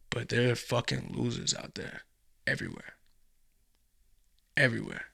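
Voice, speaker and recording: A gravelly man with a bright, forceful edge gives blunt, profane commentary while reacting to a video. He rants casually. His voice is close and dry, with no room sound. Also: medium pitch, moderate pace, pauses often, dry recording.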